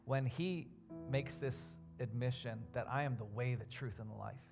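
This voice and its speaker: A man's voice: mid-range voice, normal speed, highs cut off, over music. A man preaching a sermon as a pastor, earnest and building his points with emphasis.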